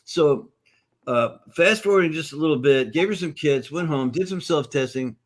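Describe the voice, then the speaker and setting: A middle-aged nutrition course founder speaks in a conversational interview at a conference event, his voice slightly high and his pace moderate. An upbeat, animated storyteller, he acts out the voices of the people in his stories.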